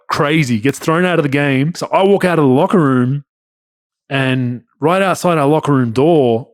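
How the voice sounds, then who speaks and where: An Australian man hosting a podcast, telling stories in a fast, profane, joking way and laughing often. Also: medium pitch, dry recording, studio quality. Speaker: podcast host. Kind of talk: casual storytelling chat.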